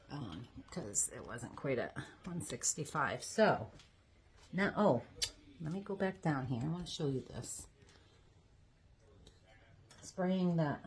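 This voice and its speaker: Low-voiced woman chatting while cooking. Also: slight background noise. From Georgia, USA. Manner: chatty, folksy, talks to viewers as friends. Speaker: home cooking vlogger. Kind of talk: casual chatty cooking video. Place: home kitchen.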